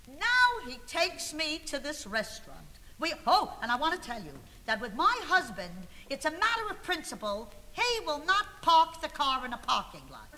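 A woman's voice: high voice, huge pitch swings, moderate pace, hardly any pauses, pushed and bright, big-room sound. A woman performing a comic monologue to a live audience, confiding and aggrieved, building to indignant outbursts. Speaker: comic storyteller.

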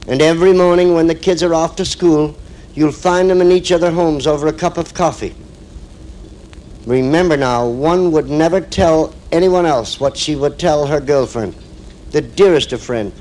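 Chatty male stand-up comedian, slightly high voice. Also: normal speed, darkish tone, a little hiss or hum, low-quality recording. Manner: chatty, storytelling delivery. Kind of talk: stand-up joke telling.

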